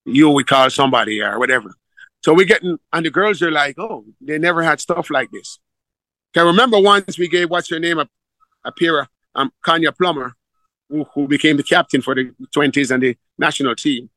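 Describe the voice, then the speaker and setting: Speaking a little high and fairly quickly, this middle-aged football coach from Jamaica spins lively tales in a relaxed interview, his Jamaican accent clear as he performs the voices of those he quotes. The audio is dry and rough.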